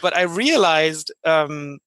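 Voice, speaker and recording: A man's voice: on the high side, lively intonation, takes it slowly, a bit bright, smooth, no echo. A man from Germany, a podcast co-host and interpreter, chatting animatedly, laughing often and acting out the voices he quotes. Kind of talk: casual podcast chat.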